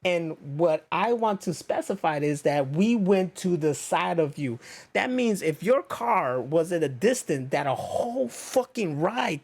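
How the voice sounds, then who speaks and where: Young male podcast host, slightly high voice, animated swearing storyteller who acts out other people's lines. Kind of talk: casual storytelling rant.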